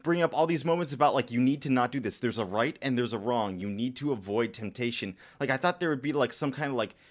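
A man in a casual movie discussion, talking in an animated way, jumping up in pitch and laughing. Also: fast talker.

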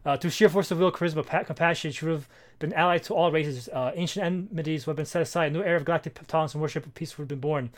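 A man co-hosting a casual comic book chat, animated and reading dialogue aloud with feeling. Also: on the high side, very fast. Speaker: podcast co-host.

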